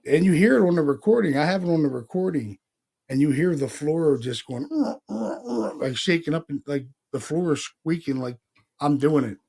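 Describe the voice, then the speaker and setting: A man from Pennsylvania hosting a podcast, telling stories in a casual, animated way, acting out quotes and swearing freely. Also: on the high side, fairly quick, slightly rough. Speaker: paranormal podcast host. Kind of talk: casual storytelling chat.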